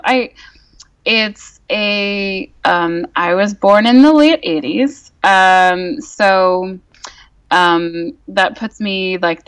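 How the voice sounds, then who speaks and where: A woman's voice: medium pitch, fairly bright tone. A woman in her thirties from Northern Ireland with a mixed Northern Irish accent, chatting as a podcast guest, laughing often and using lots of fillers. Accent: Northern Irish, mixed with English and Canadian. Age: 30s. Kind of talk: casual podcast chat.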